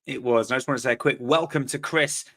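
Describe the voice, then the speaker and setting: A man's voice: medium pitch, fast talker, fairly bright tone. A man from England hosting a casual football podcast, reading out listener comments with enthusiasm. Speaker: podcast host.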